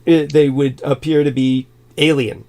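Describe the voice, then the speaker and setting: A man's voice: fairly high pitch, little pitch movement, a little slow, mellow. A man from California co-hosting a livestream, lecturing insistently and talking over interruptions. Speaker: co-host. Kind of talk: livestream conversation.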